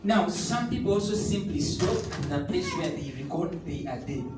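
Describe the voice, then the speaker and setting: Preaching a sermon, a man speaks emphatically and repeats key phrases, occasionally bursting into tongues or sung lines. His high-leaning voice has lively intonation and a normal speed. He sits somewhat off the mic in an echoey room with faint noise.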